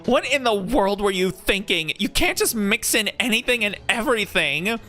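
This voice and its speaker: An indignant fairy queen, put on by a man scolds in a shrill, very high voice. Her tone is bright and sharp, with faint game music underneath. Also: expressive, normal speed. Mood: scolding.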